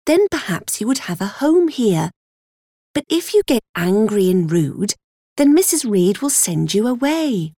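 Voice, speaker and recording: A woman voicing a firm adult nursemaid who admonishes a child, in a slow, dry reading. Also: a little high, very animated, a little mellow, dry recording, exaggerated voice. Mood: admonishing.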